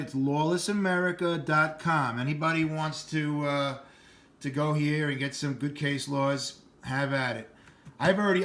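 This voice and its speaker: A man's voice: fairly high pitch, fairly bright tone. A middle-aged man with a New York accent talking bluntly and rambling in a casual vlog. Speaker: channel host.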